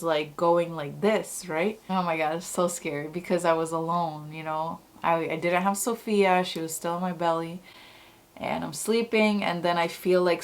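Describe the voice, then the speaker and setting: A young woman vlogger chatting to camera, telling personal stories in a casual, excitable way full of fillers. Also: fairly low pitch. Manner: chatty, many "like"s and "oh my God"s. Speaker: YouTube vlogger.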